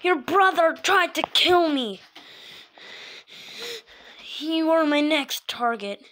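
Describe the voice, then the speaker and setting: Woman doing a gloating body-stealing villain for a toy skit: high, slow, menacing. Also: animated, fairly bright tone, a little hiss or hum, exaggerated voice. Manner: gloating, threatening.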